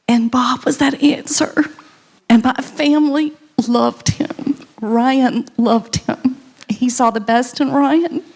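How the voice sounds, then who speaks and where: A woman, a family friend, giving an emotional memorial tribute and at times dropping into a near whisper. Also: sits high. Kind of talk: memorial speech. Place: community center memorial service.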